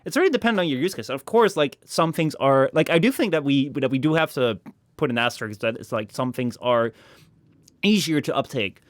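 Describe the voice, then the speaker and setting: A man chatting casually as a podcast guest, rambling with many fillers and restarts and slipping into high mock voices. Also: lively intonation, fairly quick, dry recording, clean studio sound.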